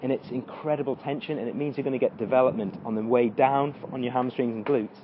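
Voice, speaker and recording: A man's voice: mid-range voice, fairly even intonation, fast, highs cut off, slight background noise. A man coaching an exercise tutorial, talking through squats as he demonstrates them and straining during the reps. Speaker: fitness coach.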